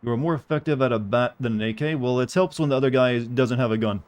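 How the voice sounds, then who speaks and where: A man's voice: medium pitch, fast talker, a little mellow, clear, resonant tone. A man streaming a game, chatting casually and answering viewers' questions in a rambling, joking way. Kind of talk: casual gameplay commentary.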